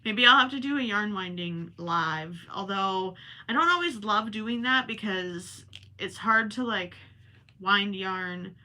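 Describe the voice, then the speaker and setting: A young woman chats with her livestream viewers while she crochets, rambling and correcting herself as she goes. Her voice is very bright and sits at a middle pitch for a woman. Now and then she drifts a bit off the mic. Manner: chatty and rambling, self-correcting, talks while working. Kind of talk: casual chat while crocheting live.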